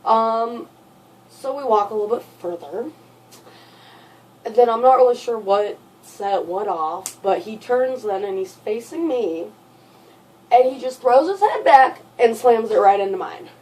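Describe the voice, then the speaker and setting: A young adult woman telling a personal story in a vlog, halting and looping back over details with lots of fillers. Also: fairly high pitch, expressive, darkish tone. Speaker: vlogger. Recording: voice sits far from the mic.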